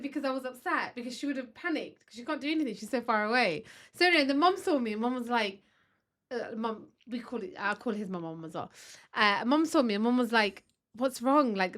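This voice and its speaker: A woman's voice: on the high side, animated, fast talker, fairly bright tone, dry recording, clean studio sound. Chatty woman telling a long story. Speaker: podcast co-host. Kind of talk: casual chat. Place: family home.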